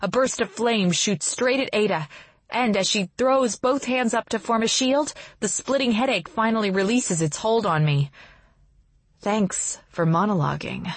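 A woman narrating a first-person fantasy novel in a steady, brisk storytelling manner. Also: a little high, breathy edge, no echo. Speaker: audiobook narrator.

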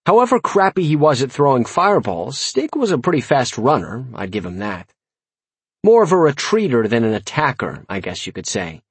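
Man, audiobook narration, wry comic delivery, husky voice, lively pitch, dry close sound. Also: normal speed, dry recording. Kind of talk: first-person audiobook narration.

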